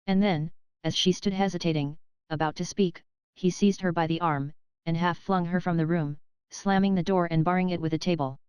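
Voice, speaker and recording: A woman narrating a classic novel as an audiobook in a steady, measured storytelling manner. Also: fairly low pitch, smooth, no echo, poor audio.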